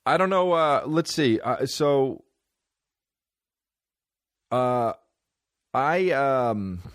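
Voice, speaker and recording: A man in his thirties hosting a podcast, riffing in a rambling, profane comedic monologue and mimicking people in high mocking voices. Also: expressive, extremely slow, clear, resonant tone, no room sound, clean studio sound.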